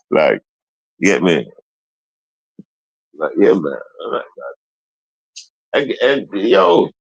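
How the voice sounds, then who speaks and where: A man's voice: lowish voice, no room sound, rough recording. Dry-voiced man rambling on a stream. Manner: loose, repetitive street slang with frequent tag questions. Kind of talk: rambling casual livestream chat. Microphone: streaming mic.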